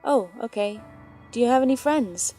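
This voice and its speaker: A woman narrator plays an old man in his late sixties with a strong foreign accent, insistent and unsettling as he presses a stranger. The voice is pitched up and a touch louder, yet stays mellow, with faint music underneath. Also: expressive, normal speed. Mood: pushy. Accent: strong unnamed foreign accent. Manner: insistent, creepily persistent.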